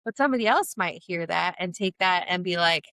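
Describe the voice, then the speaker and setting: A woman co-hosting a podcast in casual chat, animated and thoughtful, getting loud when she gets excited. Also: fairly low pitch, brisk, clear, resonant tone, no echo. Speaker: podcast co-host.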